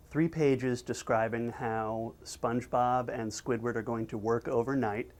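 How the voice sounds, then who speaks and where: A man working as a storyboard artist, explaining in a behind-the-scenes interview, talking in an expressive way. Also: fairly low pitch.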